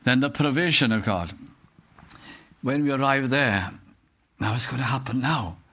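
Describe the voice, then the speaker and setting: An older British man preaching an earnest sermon, reciting hymn verses slowly. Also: medium pitch, sharp tone.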